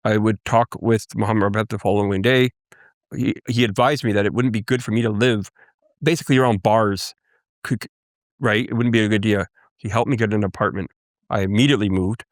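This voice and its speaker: Interview guest, male, from Canada; earnest, halting testimony with a low voice and close, dry sound. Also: steady tone, no room sound. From Canada, First Nations Cree. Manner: earnest, halting storytelling with restarts.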